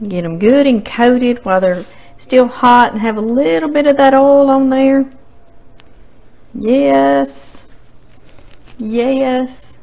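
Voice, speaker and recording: Slow-talking woman cooking. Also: high-pitched, creaky, darkish tone, low-quality recording. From Louisiana. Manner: chatty, folksy, addresses viewers directly. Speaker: cooking show host. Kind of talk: home cooking demonstration. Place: home kitchen.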